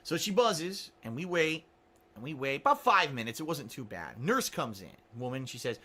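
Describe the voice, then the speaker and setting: A man with a high, bright voice recounts a story on his radio show. His pitch swings widely as he vents in sarcastic disbelief. He swears freely and quizzes his listeners with rhetorical questions. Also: big pitch swings, normal speed. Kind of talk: casual storytelling. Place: small studio.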